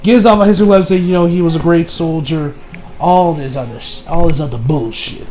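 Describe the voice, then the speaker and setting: A man's voice: fairly high pitch, brisk, a little hiss or hum, poor audio. A man giving a casual, profanity-laced anime episode recap and rant, acting out the characters' lines as he goes. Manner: profane, animated, mimics characters in quotes. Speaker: anime reviewer.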